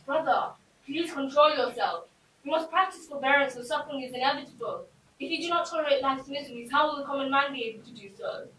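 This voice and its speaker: Stage role: woman voicing a dutiful younger brother prince; earnest, high, far off in an echoing room. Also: quick pace, bright, forceful tone, slight background noise. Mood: soothing. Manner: earnest, soothing. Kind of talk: live stage play. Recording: echoey hall from far off.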